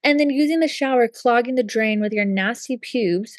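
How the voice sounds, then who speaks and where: A woman's voice: fairly high pitch, normal speed, no echo. A young woman co-hosting a podcast in casual chat, emphatic and agreeing, filling her talk with "like". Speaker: podcast co-host.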